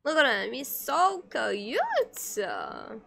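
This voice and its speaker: Giggly high-voiced woman streamer. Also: huge pitch swings, slow, creaky, pushed and bright. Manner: giggly and playful, teasing her chat. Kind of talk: casual live-stream chat while drawing.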